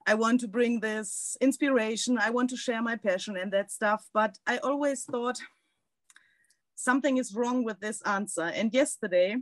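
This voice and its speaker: A woman's voice: on the high side, moderate pace, dry recording. A woman guest on a podcast, speaking thoughtfully and searching for her words. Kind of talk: casual chat.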